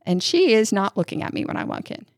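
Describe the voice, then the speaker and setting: A middle-aged woman co-hosting a parenting podcast, telling stories in casual chat with quick restarts. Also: medium pitch, no room sound, studio quality. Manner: expressive storytelling with quick restarts.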